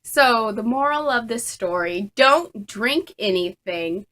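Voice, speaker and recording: A young woman with a bright, slightly high voice tells a storytime vlog to her camera. She is chatty and animated, full of ums and likes, and sounds like she is talking to a tripod camera. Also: slow pace. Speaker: vlogger. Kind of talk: casual storytime.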